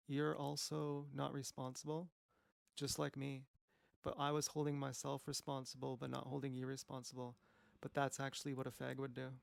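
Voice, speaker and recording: A man's voice: mid-range voice, gravelly, no echo, studio quality. A man rambling through a meandering, profane, self-questioning monologue as a streamer.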